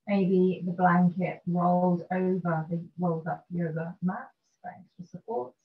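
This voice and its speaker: A woman teaching a restorative yoga session, guiding gently and calmly through poses and breathing. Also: lowish voice. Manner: gentle, slow and soothing guidance. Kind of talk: guided restorative yoga instruction. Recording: dull lo-fi recording with faint noise.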